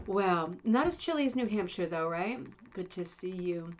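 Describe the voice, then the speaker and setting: A woman's voice: lowish voice, animated, moderate pace. A middle-aged woman hosting a casual livestream chat from home, chatty, rambling and self-deprecating. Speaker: livestream host. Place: home, Indiana.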